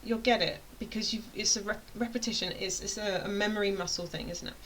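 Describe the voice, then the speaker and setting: A woman's voice: mid-range voice, fairly even intonation, fast, a bit bright, slight background noise, poor audio. A British woman teaching an online course, talking casually in a rambling, playful way that keeps interrupting itself. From United Kingdom. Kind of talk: casual chatty explainer.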